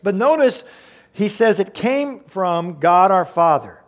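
A man's voice: high-pitched, very animated, slow pace. A man preaching a sermon, emphatic, asking the congregation rhetorical questions and explaining verses. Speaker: pastor.

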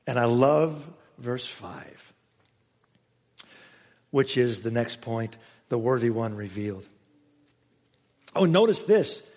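A man preaching a sermon with dramatic swings between loud exclamations and hushed asides, recorded in an echoey church hall. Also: mid-range voice, animated, takes it slowly, long pauses. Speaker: pastor. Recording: echoey hall with long reverb.

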